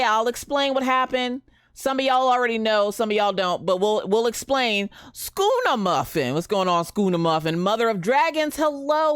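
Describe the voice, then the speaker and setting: A woman's voice: a little high, clear, resonant tone, no room sound, clean studio sound. A woman in her thirties chatting casually on a live stream, greeting viewers by name and telling a story. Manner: animated, greets chat by name, Southern "y'all".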